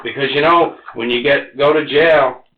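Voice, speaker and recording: A man in his forties under police interrogation, ranting and cursing, swinging between loud outbursts and low mutters. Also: moderate pace. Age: 40s. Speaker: interrogation suspect. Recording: echoey, muffled interrogation room recording.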